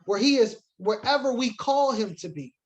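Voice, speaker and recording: A man's voice: very high-pitched, expressive, moderate pace, poor audio. A man teaching a sermon-style Bible lesson to a congregation, reading scripture aloud and defining words, switching between emphatic preaching and casual asides.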